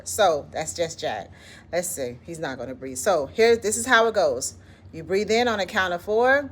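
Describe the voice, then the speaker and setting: Fairly low-pitched and husky, this Southern woman speaks at normal speed with lively intonation. She founded a wellness club for educators and guides a breathing exercise, chatting encouragingly about self-care and frequently saying "listen" and "like."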